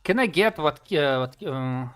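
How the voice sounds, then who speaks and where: A man chats casually on a live stream as he builds his game. His voice is smooth and resonant, and he halts often to think, with lots of fillers. Soft music plays faintly underneath. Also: on the high side, animated. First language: Slovak. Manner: halting, many fillers and restarts, thinking aloud. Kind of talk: casual live-stream chat while coding.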